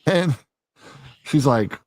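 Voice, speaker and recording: A man's voice: on the high side, extremely slow, slight background noise. A man hosting a casual chat, retelling scenes with lots of swearing and laughter. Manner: animated storyteller, swears freely, laughs often. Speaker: host.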